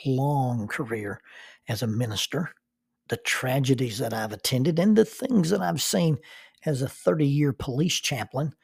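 Older minister host, gravelly and husky voice, unhurried storyteller. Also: male voice, medium pitch, a little mellow, no room sound, clean studio sound. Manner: unhurried, chuckles while recalling. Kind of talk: reflective personal storytelling.

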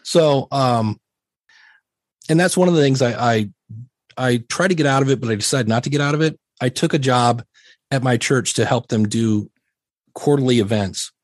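A man's voice: medium pitch, normal speed, long pauses, no room sound, studio quality. A middle-aged man talking casually on a podcast, candid and rambling, often acting out conversations he had. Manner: rambling, candid, self-deprecating, acts out quoted exchanges.

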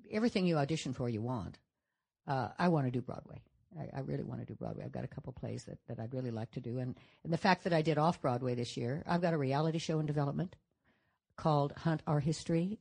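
An older woman from Nevada, a guest answering audience questions on a stage, telling stories in a chatty, animated way. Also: a bass voice, vocal fry, breathy edge. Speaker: panel guest actress. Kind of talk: audience Q&A chat.

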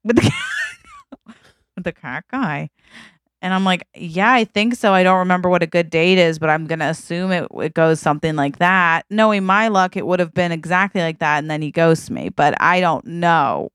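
A woman's voice: fairly low pitch, moderate pace, fairly bright tone, clear, resonant tone, no room sound. A woman co-hosting a podcast, telling a story in casual chat, laughing often and acting out what people said. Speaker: podcast co-host.

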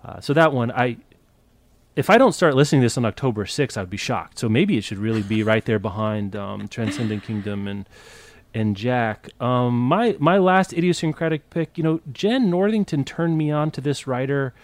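A man's voice: mid-range voice, expressive, moderate pace, no echo. Man chatting about books, dry sound. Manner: enthusiastic, rambling with restarts. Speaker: podcast co-host. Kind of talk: casual book chat.

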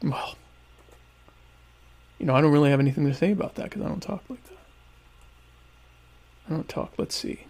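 A man's voice: on the high side, moderate pace, pauses often, darkish tone. A man hosting his own livestream show, chatting casually and sarcastically with his viewers in rambling, self-mocking asides.

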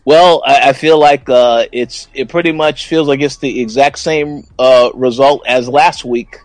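A man's voice: medium pitch, measured pace, no room sound, faint music behind, low-quality recording. A man co-hosting a casual TV recap podcast, breaking down scenes with frequent stammering restarts. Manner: stammering restarts, animated analysis. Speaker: podcast co-host.

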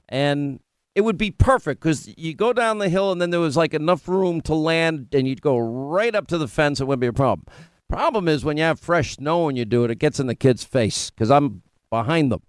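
A man's voice: a little high, animated, moderate pace, smooth, no echo. Middle-aged guy radio host rambling on, restarts a lot, dry sound. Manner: rambling, self-interrupting storyteller. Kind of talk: casual on-air banter.

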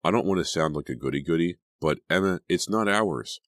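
Man doing an honest teenage girl, earnest, wary, raised pitch, dry audiobook read. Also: fairly quick, a bit bright, no echo. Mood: doubtful.

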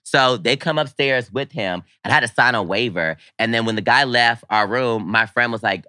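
A young man with a very bright, cutting voice chats as a podcast co-host. He tells his stories loudly and profanely and acts out every quoted line. The sound is close and dry, with no room in it. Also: mid-range voice, normal speed, hardly any pauses, no echo. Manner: loud, profane storytelling with quoted asides. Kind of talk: casual chat.

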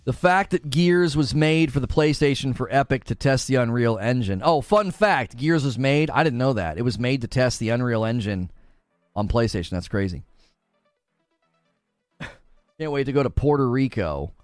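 A man's voice: medium pitch, expressive, normal speed, dry recording, studio quality, soft background music. A man hosting a casual gaming livestream, reading chat aloud and laughing often as he talks. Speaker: livestream host.

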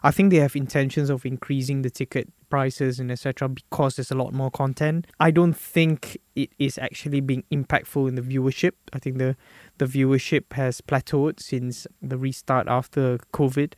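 Male podcast co-host, mid-pitched, agreeable, pauses often, dry sound. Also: flat delivery, dry recording. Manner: hesitant, many ums, agreeable. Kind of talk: casual podcast chat.

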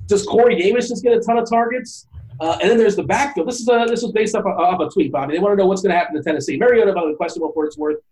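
A man's voice: high-pitched, very fast, a little mellow, poor audio. A man co-hosting a casual podcast chat, rambling with frequent restarts and lots of laughter. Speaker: podcast co-host.

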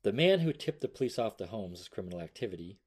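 Low-voiced man hosting casual true-crime chat. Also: sing-song, quick pace, a little mellow, slightly rough. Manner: reads notes loosely, swears casually, laughs often. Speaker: podcast host. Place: home room with a noisy cat.

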